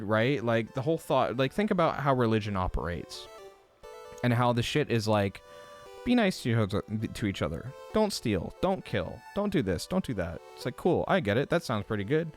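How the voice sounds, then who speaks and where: A man hosting a live stream, ranting in a rambling, profane, animated way with many fillers. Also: mid-range voice. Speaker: livestream host. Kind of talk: casual livestream chat.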